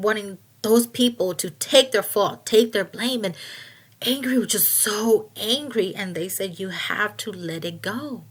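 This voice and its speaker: Slow, halting woman sharing a testimony. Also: medium pitch. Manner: halting, with many restarts and trailing fillers. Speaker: person giving a testimony. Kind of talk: personal testimony, casual retelling.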